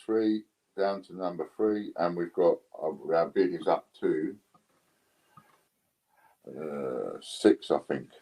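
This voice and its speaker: A British man hosting a casual live stream, relaxed as he counts down bids. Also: low-pitched, slow pace, long pauses, low-quality recording. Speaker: live stream host running coin auctions.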